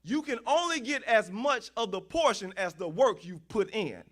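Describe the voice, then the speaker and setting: A man's voice: high voice, moderate pace. A man preaching a sermon, using folksy asides, rhetorical questions and repeated phrases. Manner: animated, rhetorical questions and repetition; folksy, addresses congregation as y'all.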